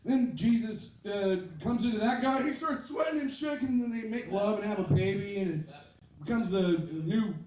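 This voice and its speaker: Male stand-up comic, rambling, erupts into shouted bits; higher voice, echoey room. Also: moderate pace, background noise. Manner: rambling, shouts sudden impressions. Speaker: stand-up comedian. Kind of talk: stand-up set at an open mic. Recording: roomy, from a distance.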